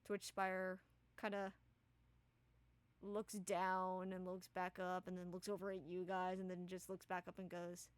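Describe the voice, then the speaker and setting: A woman's voice: fairly low pitch, monotone, a little slow, smooth, dry recording. A woman narrating as game master of a tabletop game, casual and full of fillers.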